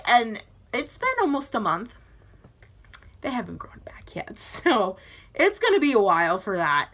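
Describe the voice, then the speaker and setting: A bright, clear-voiced teenage girl chats to her camera at home. She tells her story in a loose, giggly way, with plenty of "um" and "like," and acts out the other voices as she goes. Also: medium pitch, very animated, unhurried. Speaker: vlogger.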